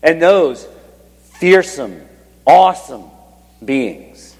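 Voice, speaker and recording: A man's voice: medium pitch, expressive, normal speed, darkish tone, husky. A man preaching a sermon, reading scripture aloud with swelling emphasis and then dropping to a near whisper when he speaks of awe. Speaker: pastor. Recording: long hall reverb.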